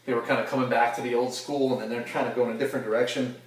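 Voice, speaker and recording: A man's voice: mid-range voice, very fast. A man, a former pro wrestler, telling stories as a guest in a casual interview, swearing freely and with lots of energy. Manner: profane, animated storyteller. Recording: echoey room, distant mic, faint noise.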